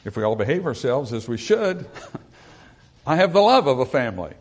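A man's voice: mid-range voice, very animated, moderate pace. A man preaching a sermon, reading scripture aloud and explaining it in a plain, conversational way, with passages that build through repetition and rising emphasis. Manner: plain, conversational asides with fillers.

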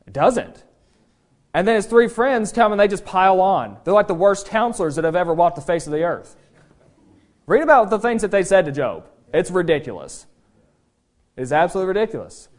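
High, animated male preacher. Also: a little fast. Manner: animated, emphatic, acts out quotes. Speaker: pastor. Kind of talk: sermon.

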